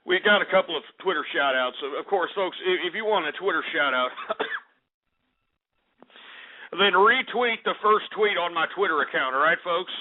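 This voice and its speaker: A man hosting a radio show, ranting and cursing in angry outbursts, sounding winded. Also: sits high. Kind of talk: ranting call-in radio talk. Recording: tinny phone-like lo-fi audio.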